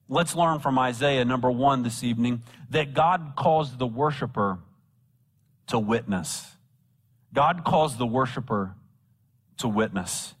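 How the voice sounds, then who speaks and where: A man's voice: medium pitch, a bit bright. A male pastor delivering a sermon, repeating key phrases for emphasis and reading scripture aloud to the congregation. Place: church sanctuary. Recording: church hall with long reverb.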